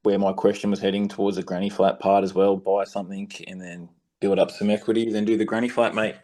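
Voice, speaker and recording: Low, mellow man hesitantly calling in. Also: level tone, fast. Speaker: caller asking for advice. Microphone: video call.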